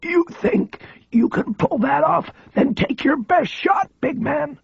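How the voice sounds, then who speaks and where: A man voicing a paralyzed former cop who speaks in a strained, raspy voice. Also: very high-pitched, animated, slow, no echo, lo-fi sound, voice pushed up, heavily acted. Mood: defiant.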